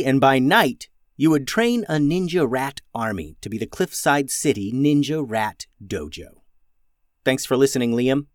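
Male host-narrator for kids' audio stories; animated delivery, no room sound. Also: medium pitch, no echo, clean studio sound. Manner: lively, expressive storytelling. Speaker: podcast host and storyteller. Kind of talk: children's story narration.

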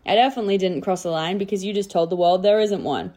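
A woman's voice: medium pitch, fast talker, warm tone. A woman with an Australian accent, a guest correspondent reading a letter aloud with a blunt, sardonic delivery.

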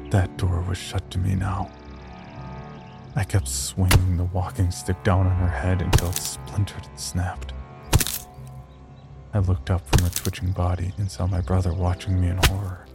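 A man narrating a horror story in the first person, grim and measured. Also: low voice.

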